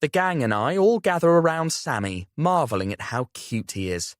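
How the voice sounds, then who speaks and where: A young man narrating a first-person audiobook with expressive storytelling. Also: a little high, moderate pace, no echo, clean studio sound. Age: young adult.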